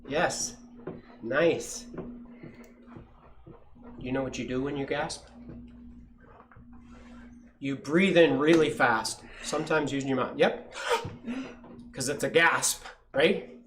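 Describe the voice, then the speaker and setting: A man's voice: medium pitch, slow, pauses often, a little hiss or hum. A man at a science center reading a picture book aloud to children and asking them questions. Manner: lively storyteller, asks kids questions.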